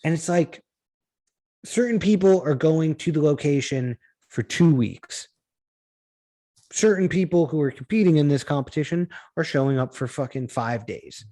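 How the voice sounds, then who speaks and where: A man's voice: on the high side, lively intonation, moderate pace, mellow. A man co-hosting a podcast, chatting casually and ranting with a lot of swearing and restarts. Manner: profane, ranting, rambling with restarts. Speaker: podcast co-host.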